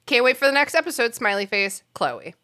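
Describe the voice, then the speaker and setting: A woman's voice: a little high, very animated, fairly quick, pushed and bright. A woman co-hosting a casual podcast, reading a listener email aloud with giggles and self-mocking swearing. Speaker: podcast co-host.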